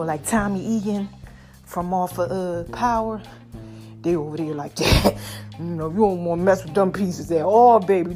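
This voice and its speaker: A woman hosting her podcast in a casual, animated monologue, a little short of breath and calling her listeners baby. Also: medium pitch. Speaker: podcast host.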